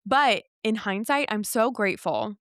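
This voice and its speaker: A woman's voice: mid-range voice, brisk, no echo, clean studio sound. A young woman in a casual podcast conversation, candidly retelling her experiences and acting out what people said to her. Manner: candid, animated retelling with quoted dialogue. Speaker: podcast guest.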